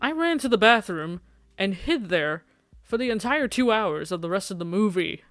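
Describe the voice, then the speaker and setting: A streamer reading a dating game aloud during a live playthrough, animated and jokey, laughing often. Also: mid-range voice, moderate pace, no room sound, faint music behind.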